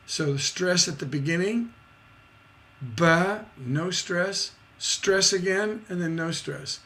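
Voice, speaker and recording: A man's voice: high voice, slow pace, pushed and bright. A man teaching songwriting in a livestreamed lesson, scatting syllables to show rhythm and checking in with "right?".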